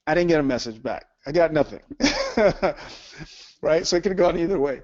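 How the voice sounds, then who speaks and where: A man's voice: a little high, moderate pace, no echo. Earnest man telling a story in a dull lo-fi recording. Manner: earnest, animated, often asks "right?". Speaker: host. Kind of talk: casual faith conversation, personal storytelling.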